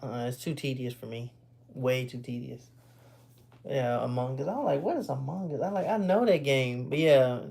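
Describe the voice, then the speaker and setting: A man's voice: medium pitch, darkish tone. A man in his thirties talks loosely to his viewers from his home computer. He sounds sleepy and stifles yawns. He drifts between thoughts, taking back and fixing what he just said. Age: 30s. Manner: rambling, self-correcting, laid-back. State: sleepy, yawning. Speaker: streamer. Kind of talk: casual live-stream chat.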